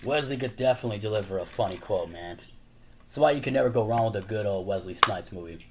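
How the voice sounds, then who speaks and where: A man's voice: fast talker, a bit bright, a little hiss or hum. A man chatting casually as a YouTuber, rambling with lots of "you know" and "like" and often laughing. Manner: laughs often while talking; acts out movie quotes in a higher voice. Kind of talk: casual chat.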